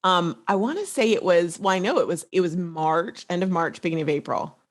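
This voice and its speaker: Lady telling her business story all excited, voice on the low side. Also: brisk. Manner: enthusiastic, animated storytelling. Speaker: network marketing coach, guest. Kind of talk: casual business chat.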